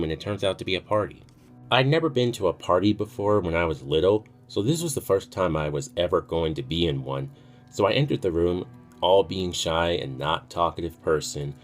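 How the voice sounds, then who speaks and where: Brief: deep-voiced male storyteller, casual and profane, faint music under him. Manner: casual, swears freely. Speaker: storytime youtuber.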